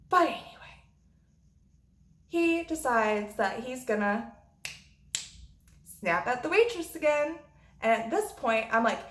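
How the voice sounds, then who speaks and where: Woman, vlogger, storytime, profane, blunt, fairly high pitch, roomy echo. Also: very animated, slow pace, pauses often, fairly bright tone. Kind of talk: storytime vlog.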